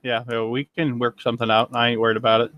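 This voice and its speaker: A man's voice: medium pitch, level tone, fast talker, dry recording, lo-fi sound. A man in his forties from Missouri, an antiques dealer chatting casually and joking as a guest on a live auction stream. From Missouri, USA. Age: 40s. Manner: joking, laid-back.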